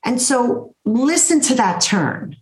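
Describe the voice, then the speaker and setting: A middle-aged woman, a therapist, telling her story in an interview with blunt, animated delivery. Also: fairly high pitch, takes it slowly, roomy sound, low-quality recording. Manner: animated, blunt storyteller who acts out quotes.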